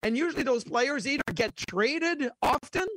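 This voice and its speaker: High-voiced man rambling about hockey. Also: expressive, normal speed, pushed and bright, dry recording. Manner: rambling, with many fillers and restarts. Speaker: hockey podcast co-host. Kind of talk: casual sports talk.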